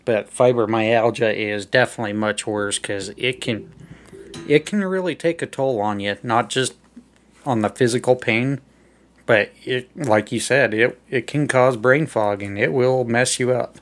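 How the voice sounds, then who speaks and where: A man's voice: mid-range voice, unhurried. A man hosting a casual wrestling podcast, joking and rambling as he talks. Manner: joking, rambling, laughs often. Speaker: podcast host. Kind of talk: casual chat.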